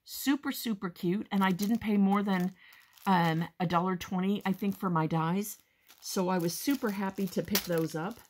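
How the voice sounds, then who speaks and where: A woman hosting a crafting haul video, chatting casually and gushing with excitement, often calling her viewers "guys". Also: medium pitch, normal speed, a little hiss or hum. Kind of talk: casual show-and-tell haul chat.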